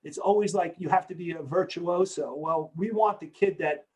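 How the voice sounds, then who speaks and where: A man's voice: fairly high pitch, normal speed, a little mellow, lo-fi sound. Rambling man in his sixties. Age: 60s. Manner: rambling, heavy on "you know" fillers. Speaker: creator of an animated short. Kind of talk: casual interview talk.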